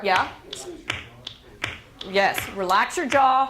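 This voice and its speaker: A woman teaching a school band class, giving brisk directions with frequent fillers. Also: on the high side, noisy background. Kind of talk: classroom instruction.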